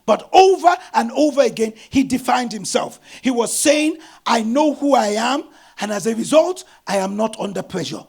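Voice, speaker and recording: Middle-aged male pastor, husky high voice, lively storytelling sermon. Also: normal speed. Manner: animated storytelling, bursts of shouting.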